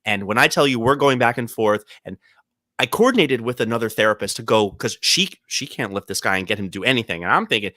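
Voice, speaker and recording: Lively, bright-voiced man telling stories. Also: medium pitch, fast, no room sound, studio quality. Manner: animated storyteller, jumps into quoted voices. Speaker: podcast co-host. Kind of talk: casual chat. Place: podcast studio.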